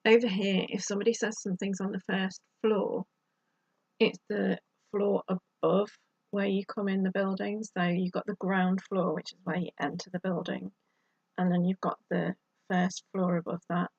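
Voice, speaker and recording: A woman's voice: medium pitch, flat delivery, normal speed, creaky, a little mellow, breathy edge, no room sound, muffled recording. A woman giving chatty advice to camera as a vlogger, with exasperated asides. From United Kingdom. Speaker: YouTube vlogger.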